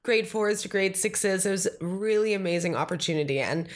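A Green Party candidate in her thirties speaks briskly in a mid-range voice during a conversational interview. She's chatty, uses many fillers, and acts out the things people said.

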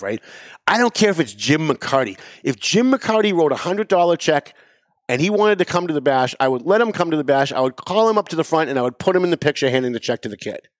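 A middle-aged man hosting a talk radio show, talking in an animated, emphatic way and repeating his phrases for effect. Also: on the high side, no room sound.

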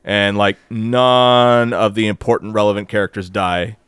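A man co-hosting a podcast in casual chat, animated and profane, mocking others in quoted voices. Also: fairly low pitch, measured pace, clear, resonant tone, no room sound, studio quality. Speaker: podcast co-host.

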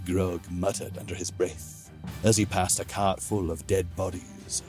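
A man reading fantasy fiction aloud in a slow, measured manner. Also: deep voice, flat delivery, darkish tone, faint music behind. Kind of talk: audiobook narration.

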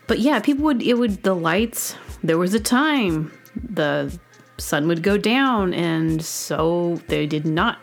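A woman's voice: lowish voice, gravelly. A woman hosting a show, talking in a casual, meandering monologue full of fillers and silly asides. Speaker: host.

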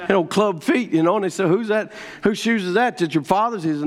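A middle-aged man preaching a revival sermon, fervent and often shouting his declarations. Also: sits high, fast talker, hardly any pauses. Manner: fervent, shouting, rising to proclamations.

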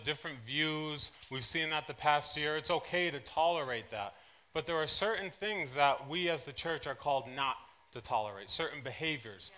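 Preaching to the congregation at a church service, this pastor speaks on the high side and recounts personal anecdotes with animation. His delivery alternates between hushed asides and loud, thrilled bursts.

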